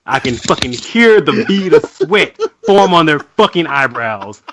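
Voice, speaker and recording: A man who is a guest on a casual podcast, wry and deadpan, swearing as he tells his story. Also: on the high side, unhurried, a little hiss or hum.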